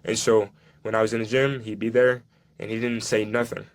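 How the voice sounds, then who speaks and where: Low-voiced young man telling his story. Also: little pitch movement. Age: young adult. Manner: recounts dialogue, halting restarts. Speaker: guest, soccer player. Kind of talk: storytelling in casual conversation.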